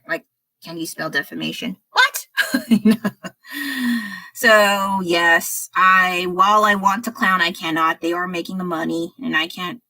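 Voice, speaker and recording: A woman's voice: fairly low pitch, bright, forceful tone, dry recording, rough recording. A woman chatting casually on her art livestream while painting, a little under the weather, rambling with sighs and laughs.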